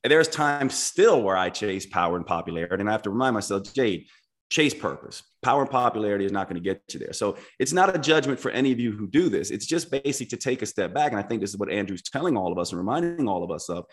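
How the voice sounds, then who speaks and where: A man talks on a podcast in a reflective, earnest way, breaking his thoughts into clear steps. His pitch moves freely up and down as he explains. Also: expressive, quick pace. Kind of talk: casual podcast conversation.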